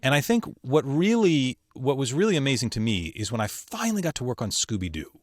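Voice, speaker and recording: A man, a voice actor as a podcast guest, telling studio stories in a lively way, laughing and acting out the voices of the people he quotes. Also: mid-range voice, brisk, no echo. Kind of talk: animated storytelling in conversation.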